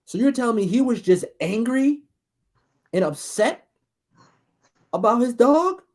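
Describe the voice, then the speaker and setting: An excitable man co-hosting a movie podcast in casual chat. His pitch leaps and dips all over the place as he acts out scenes and swears freely. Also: a little slow. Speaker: podcast co-host.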